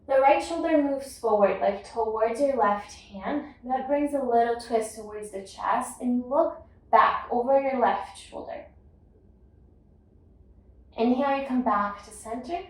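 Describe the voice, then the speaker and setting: A woman guides a yoga class in a slow, measured voice, pitched a little high. She sits back from the microphone in a strongly echoing room. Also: far from the mic. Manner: calm, unhurried cueing of breath and movement. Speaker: yoga teacher. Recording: echoey room, voice off-mic.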